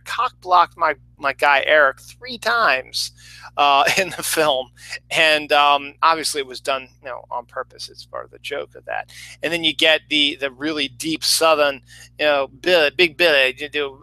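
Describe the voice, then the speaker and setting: A man's voice: fairly high pitch, expressive, moderate pace, vocal fry, sharp tone, dry recording, poor audio. A man giving a casual, rambling film review, full of fillers and restarts.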